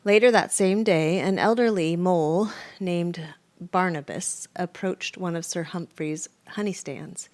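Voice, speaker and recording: A woman reading a children's picture book aloud with lively, expressive storytelling. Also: fairly low pitch, unhurried, dry recording. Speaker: storybook reader.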